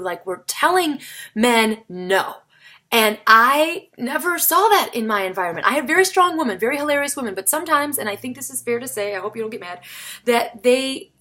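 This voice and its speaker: A woman talking casually to the camera in a vlog, chatty and animated, with sudden jumps in pitch for emphasis. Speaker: vlogger, comedian and solo performer.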